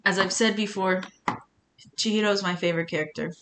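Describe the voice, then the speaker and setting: A woman's voice: mid-range voice, a little fast, fairly bright tone, slight background noise. A woman streamer chatting casually on a live stream, rambling with many restarts and sounding earnest and emotional.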